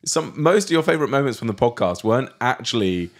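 A man co-hosting a podcast from his living room, chatty and animated, quick to laugh. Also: medium pitch. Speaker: podcast co-host. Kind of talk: casual chat.

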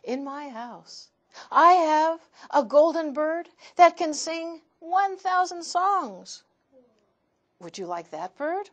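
A woman's voice: high-pitched, lively intonation, slow, fairly bright tone, voice pushed up, heavily acted. A woman reading aloud and voicing an anxious rich man in a children's storybook, pleading in a raised voice.

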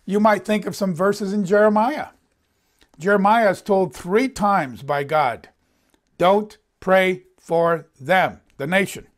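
A man's voice: sits high, measured pace. A man teaching a sermon, reading scripture aloud and commenting on it, voicing the quoted lines with emphasis. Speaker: Bible teacher. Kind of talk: conversational sermon. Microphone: presenting in front of a board.

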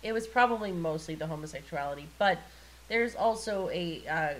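A young woman co-hosting a podcast, relaxed and casual, steering the chat and swearing now and then. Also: lowish voice, moderate pace, slight background noise, low-quality recording. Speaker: podcast co-host.

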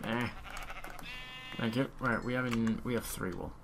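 Speaking briskly in a medium-pitched voice with fairly even intonation, the young gamer chats about his own play and mutters repeated words to himself over music. His home mic also catches loud keyboard typing.

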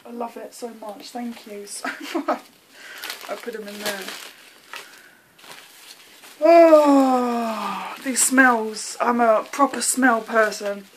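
Gushing high-voiced English woman vlogger. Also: fairly even intonation, unhurried, noisy background. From England. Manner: gushing, effusive thanks. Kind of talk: casual unboxing chat.

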